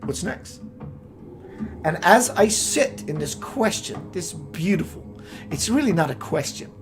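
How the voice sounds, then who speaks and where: A man's voice: high-pitched, lively intonation, a little slow, music in the background. Musing man giving a spiritual talk. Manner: meandering, musing, searching for words. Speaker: spiritual teacher.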